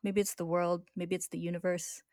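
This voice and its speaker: A determined teenage boy alchemist, read by a woman, his lines given in an earnest, dramatic way. The voice sits a little low and the sound is dry and close. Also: level tone, fairly quick, a little mellow, no echo, close to an everyday voice. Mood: reflective.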